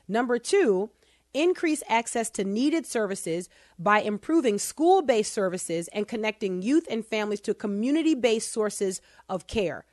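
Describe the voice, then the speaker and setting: A woman hosting a casual opinion podcast, her voice sitting mid-range and close to the mic in a dry, dead room. She talks fast through figures, then slows hard on key words, dropping in sarcastic asides as she goes. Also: mid-range voice, no echo. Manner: animated, sarcastic asides, quick bursts then slow emphasis. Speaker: podcast host.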